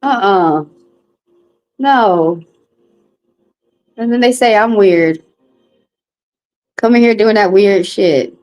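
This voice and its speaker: A woman's voice: medium pitch, slow, pauses often, darkish tone, low-quality recording. A woman doing a casual livestream tarot card reading, talking bluntly and profanely with rambling asides.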